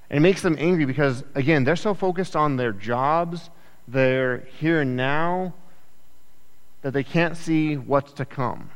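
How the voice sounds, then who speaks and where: Animated male pastor preaching in an echoey hall. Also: a little high, normal speed. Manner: animated, acts out quoted voices, conversational asides. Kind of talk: sermon. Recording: echoey hall with long reverb.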